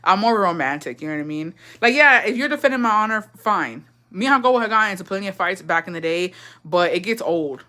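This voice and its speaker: A young woman from Texas spins family stories in loose, gossipy chat, swearing freely and jumping into other people's voices. Her tone is bright and forward at a middling pitch. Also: quick pace. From Texas, USA. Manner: profane, animated, gossipy, acts out quotes. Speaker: storyteller. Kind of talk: casual storytelling chat.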